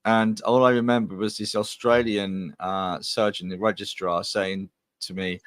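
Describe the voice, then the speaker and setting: A man's voice: on the low side, flat delivery, unhurried, no echo. A man from England, a guest medium, telling his life story in a chatty, rambling way on a video call podcast. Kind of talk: casual podcast interview.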